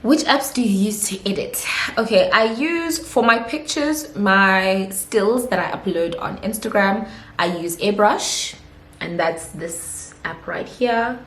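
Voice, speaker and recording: A woman's voice: mid-range voice, slow, a bit bright. Young woman, South African accent, casual Q&A vlog, giggly, roomy echo. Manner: chatty, giggly, lots of fillers. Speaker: YouTuber. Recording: echoey room.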